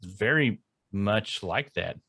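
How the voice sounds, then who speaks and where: A man's voice: lowish voice, lively intonation, takes it slowly, bright, forceful tone, slightly rough, dry recording. A man co-hosting a podcast, chatting casually and musing aloud as he searches for names. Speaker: podcast co-host.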